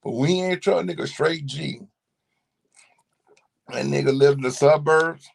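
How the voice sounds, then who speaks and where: A middle-aged man telling family stories in a casual monologue, animated and profane. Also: on the high side, moderate pace, vocal fry, breathy edge. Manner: animated storytelling, profane slang. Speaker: commentator.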